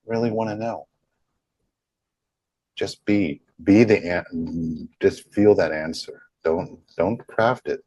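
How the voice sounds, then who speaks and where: A man leading a group healing session over a video call, speaking slowly and deliberately and softly repeating affirmations. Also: sits low, breathy edge, dry recording.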